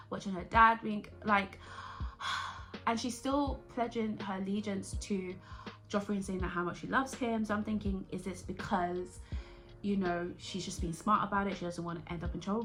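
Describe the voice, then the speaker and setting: Brief: woman vlogger, bright voice, excitable and rambling, casual chat, light music underneath. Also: medium pitch. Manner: excitable, rambling, jumps between thoughts. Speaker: vlogger reviewing a TV series.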